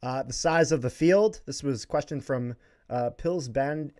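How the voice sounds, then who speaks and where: A man's voice: medium pitch, moderate pace, a little mellow. A man hosting a podcast, giving short reactions and reading fan questions. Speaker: podcast host. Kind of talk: casual interview.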